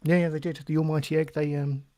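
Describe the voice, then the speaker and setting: A man reads out listener questions on a podcast with easygoing, wry humour. His voice is fairly high for a man. The recording is close and dry, with no room sound. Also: little pitch movement, a little mellow, dry recording. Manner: easygoing and wry, quick asides. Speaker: podcast co-host. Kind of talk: casual chat, reading listener questions.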